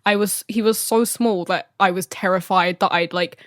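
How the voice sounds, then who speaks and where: A young woman co-hosting a podcast tells stories in a rambling, giggly way during casual chat. Her mid-range voice has fairly even intonation and a moderate pace, and the recording is dry and studio quality.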